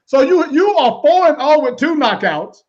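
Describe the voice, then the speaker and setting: Chatty high-voiced male talk-show host. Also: big pitch swings, moderate pace, dull audio. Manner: chatty, repeats words, laughs easily. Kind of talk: live online interview show.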